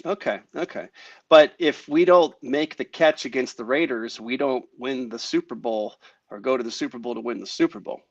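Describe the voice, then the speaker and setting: A man's voice: mid-range voice, moderate pace, no echo. Joking male guest on a dull line. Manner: joking, passionate football fan banter. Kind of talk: casual sports talk.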